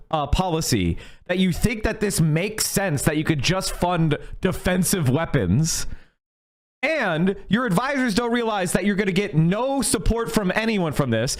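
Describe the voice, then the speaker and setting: A man streaming a heated political rant, angry and profane, fired up as he goes. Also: high voice. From United States.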